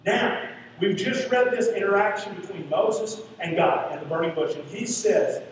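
A man's voice: high-pitched, normal speed. A male pastor preaching a sermon in a church sanctuary, earnest and questioning, repeating lines for emphasis. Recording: echoey hall from far off, faint hiss.

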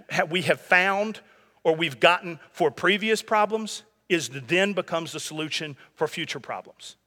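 A man's voice: fairly high pitch, bright, forceful tone, big-room sound. A man in his thirties preaching a sermon in a conversational way, with humor and asides to the congregation. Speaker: pastor.

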